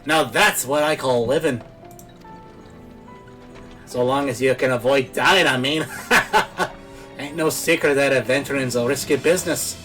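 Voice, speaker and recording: Folksy old Irish peddler voiced by a man, chatty and chuckling, mid-pitched with rough country grammar. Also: unhurried, long pauses, sharp tone, soft background music. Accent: put-on Irish.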